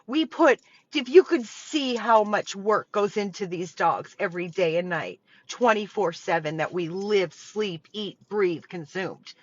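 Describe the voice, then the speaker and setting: A woman's voice: medium pitch, animated, unhurried, few pauses, no echo. Urgent, pleading woman in a dull recording. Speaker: dog rescue organizer. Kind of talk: impassioned direct appeal to viewers. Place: dog rescue property.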